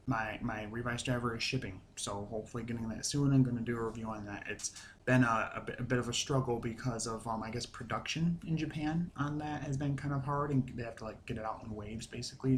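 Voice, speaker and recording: A man's voice: medium pitch, slight background noise. A man hosting a casual episode review, rambling with lots of fillers and restarts and swearing casually. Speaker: show review host.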